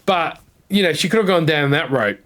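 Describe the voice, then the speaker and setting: A man with a voice pitched a touch high gives casual gaming commentary. He rambles through a story with blunt opinions and the odd swear word. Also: expressive, moderate pace, a bit bright. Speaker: gaming content creator.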